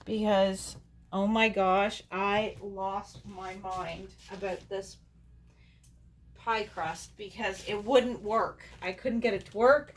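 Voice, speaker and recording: A woman vlogger talks to her camera in a loose, rambling way. She laughs often and restarts her sentences as she goes, like someone chatting with friends. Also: medium pitch. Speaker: doll artist and channel host. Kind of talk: casual storytelling to camera.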